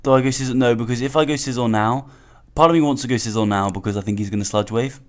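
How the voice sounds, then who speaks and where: A man's voice: mid-range voice, quick pace. A man, the host of a gaming channel, commentating his own match live, thinking aloud, repeating himself and calling himself an idiot after mistakes. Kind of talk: live play-by-play commentary of a game.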